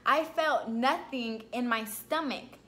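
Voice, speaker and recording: A woman vlogger casually telling a personal story to camera, chatty and lively, full of "like" and "you know", and acting out her own past lines with big leaps in pitch. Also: takes it slowly, a little hiss or hum.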